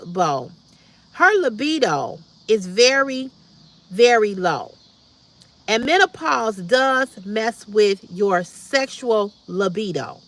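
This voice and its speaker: A woman's voice: fairly high pitch, fairly bright tone. A woman, hosting a casual livestream, answering comments bluntly and directly with preachy repetition. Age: 50s. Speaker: livestream host.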